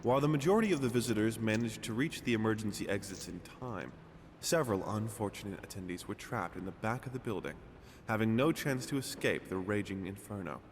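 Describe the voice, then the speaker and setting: An actor playing a formal radio news announcer reading a bulletin in a video game. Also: male voice, on the low side, animated, brisk, big-room sound, slight background noise, natural voice. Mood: solemn.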